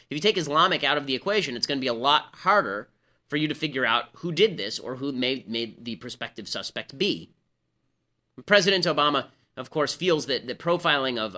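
A man hosting a political talk show, delivering a rapid, sarcastic, argumentative monologue. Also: medium pitch, pushed and bright. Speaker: political commentary host.

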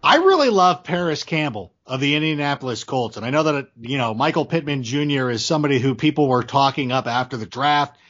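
A man's voice: mid-range voice, lively intonation, brisk, hardly any pauses, a bit bright, lo-fi sound. A man talking as a podcast guest, chatty and enthusiastic, often restarting his sentences. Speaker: podcast guest, fantasy football analyst. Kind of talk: casual podcast chat.

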